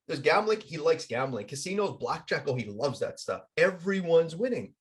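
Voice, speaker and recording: Animated, emphatic man telling stories. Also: on the high side, moderate pace, hardly any pauses. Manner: emphatic, energetic, acts out voices. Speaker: podcast guest and coach. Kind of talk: animated storytelling and plugs.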